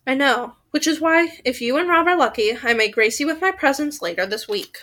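A woman voicing a sharp, suspicious teenage girl who talks with sarcasm and accusation. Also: high-pitched, animated, a little fast. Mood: pointed.

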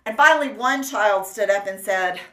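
A woman preacher delivering a sermon in an earnest, measured and gently emphatic way. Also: medium pitch. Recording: roomy echo.

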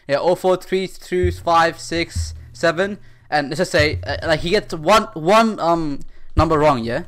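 Young male podcast co-host, slightly high voice, animated storyteller who laughs a lot. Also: unhurried. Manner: animated storyteller, laughs often, acts out callers. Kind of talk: casual chat.

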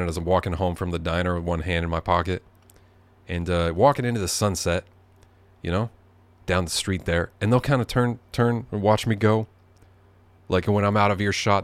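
A man's voice: sits low, dry recording. A man hosting a podcast from his living room, rambling through a sardonic, profane comedic monologue. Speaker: podcast host.

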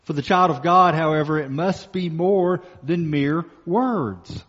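A male pastor preaching a sermon, emphatic, slowing down and repeating key phrases for stress. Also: a little high, a bit bright. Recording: muffled sound with long reverb in a hall.

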